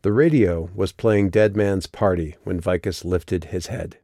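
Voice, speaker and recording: Deep-voiced male audiobook narrator. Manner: steady, measured storytelling.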